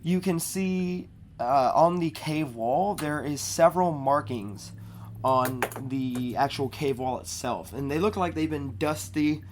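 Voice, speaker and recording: Narrating a tabletop game as its game master, this woman has a low, darkish voice and keeps a measured pace. She sounds scratchy-throated and unsure, often restarting and leaning on fillers.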